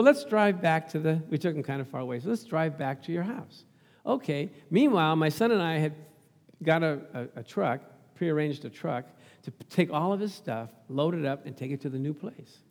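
A man's voice: fairly high pitch, a little mellow, big-room sound. A middle-aged male pastor preaching a sermon, telling a family story and calling out for amens. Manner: storytelling, acts out quoted voices, calls for amens.

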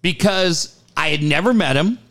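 Animated storytelling male radio host. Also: a little high, moderate pace. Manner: animated storyteller, acts out quotes; casual, swears freely. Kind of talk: casual radio chat.

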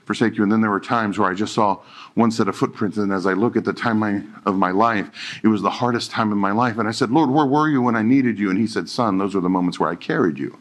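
A man's voice: on the low side, fast. A middle-aged male pastor giving a conversational sermon, joking and acting out quoted dialogue.

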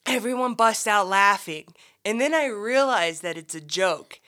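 A woman's voice: medium pitch, measured pace, sharp tone, clean tone. Woman co-host, mid-range voice, dry teasing delivery in casual chat. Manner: dry, teasing, laughs often.

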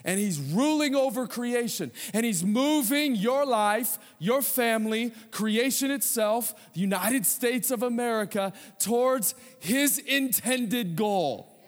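A man's voice: very high-pitched, animated, takes it slowly, big-room sound. A man preaching a sermon as pastor, telling a humorous story with conversational asides.

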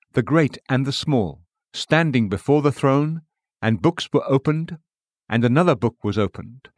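A man reading a Christian devotional book aloud in a measured, solemn voice, slowing down for scripture quotations. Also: medium pitch, no echo, clean studio sound.

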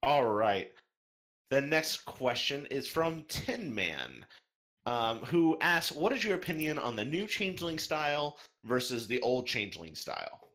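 Man, podcast host, animated pitch, bright tone, upbeat question reading. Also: a little slow.

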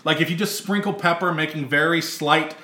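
Guy hosting a podcast, bright voice, kinda high, rambly and sweary, echoey room. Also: brisk. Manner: rambling, profane, laughs often. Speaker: podcast host. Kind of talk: casual chat.

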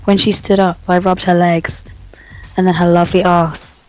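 Hoarse, gruff woman reading crudely. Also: fairly low pitch, level tone, soft background music, poor audio. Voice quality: gruff, strained voice, posh-sounding. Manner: crude, teasing, reads in slow deliberate tones. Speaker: podcast co-host. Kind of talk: casual podcast banter, mock-erotic reading.

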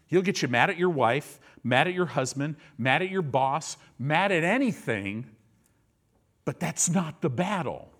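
A male preacher in full sermon mode, his voice sitting a bit high and leaping all over the place. He drops low and intense, then climbs into loud, ringing bursts and hammers words again and again for emphasis. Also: expressive, a little slow.

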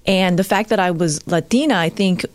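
A woman meteorologist speaking as a TV panel guest in a measured, self-assured way. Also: on the low side, no room sound.

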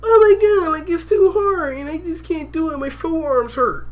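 A man putting on a whiny young army private, his voice jumping far above his normal pitch. The complaint comes out as a high, shaky whimper. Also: expressive, moderate pace. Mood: whining.

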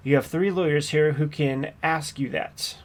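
A man with a natural, steady voice pitched somewhat above the usual male range performs a courtroom transcript as a persistent trial attorney. Questioning a witness, he pushes every point in a measured, pointed manner.

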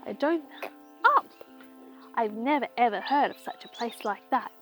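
A woman's voice: on the high side, lively intonation, a little slow, soft background music. A woman voicing a friendly, chatty female wallaby in a bedtime story. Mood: cheerful. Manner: bright, eager storybook voice.

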